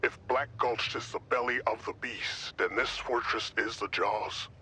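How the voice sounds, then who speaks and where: A man's voice: medium pitch, fairly even intonation, a little slow, pushed and bright, husky, poor audio. An actor playing a solemn, haunted male guide in a video game. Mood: grave. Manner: solemn, foreboding. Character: grave male guide Tiago, haunted ally. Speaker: game character.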